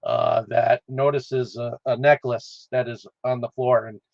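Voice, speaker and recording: A man hosting a casual film discussion, retelling the plot in a halting way with constant "uh" fillers. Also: medium pitch, steady tone, creaky, no echo, highs cut off. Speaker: podcast host.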